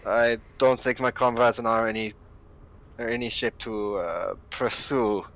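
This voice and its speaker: A man's voice: medium pitch, fairly even intonation, moderate pace, fairly bright tone. Joking male tabletop player. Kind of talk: casual chat and in-character play.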